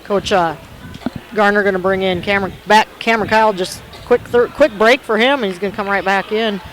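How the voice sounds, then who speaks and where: A woman with a Midwestern American accent giving color commentary at a basketball game, chatty and relaxed. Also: mid-range voice, fairly quick, soft background music, low-quality recording. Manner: chatty, relaxed, adds side remarks. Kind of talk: casual sports chat.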